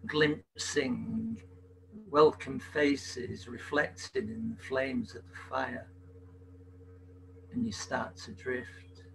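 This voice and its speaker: A man reads his verse at an unhurried, soft pace, his voice sitting a little high and rough with fry. He is performing at an open mic through a video call. A faint hum runs under the recording. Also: rough recording. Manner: slow, soft-spoken delivery with gravelly fry. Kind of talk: poetry reading and sung parody over video call.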